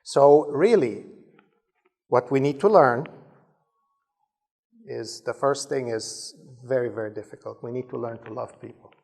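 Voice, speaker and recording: A man's voice: medium pitch, unhurried, vocal fry, pauses often, darkish tone, slightly rough. A man from Germany giving a talk to ministry leaders, telling stories with frequent restarts. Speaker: speaker at a leadership training.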